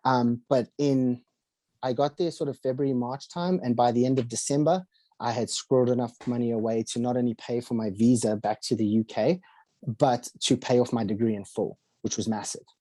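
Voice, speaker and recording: A man's voice: mid-range voice, fairly even intonation, fairly quick, warm tone, no room sound. A young man from South Africa with a South African accent, a podcast guest telling his life story casually, acting out what others said to him. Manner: chatty, fillers and acted-out quotes.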